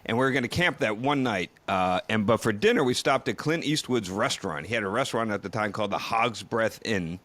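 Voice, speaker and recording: A man telling a camping story in casual podcast chat, relaxed and full of fillers. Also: on the low side. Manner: relaxed, filler-heavy, quick asides. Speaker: podcast co-host.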